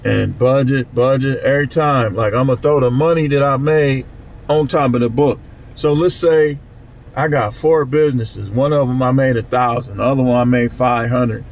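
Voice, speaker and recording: A man talks casually to his channel in a vlog-style monologue, using loose, repetitive street talk. His voice is mid-range at a normal speed, and the recording is rough.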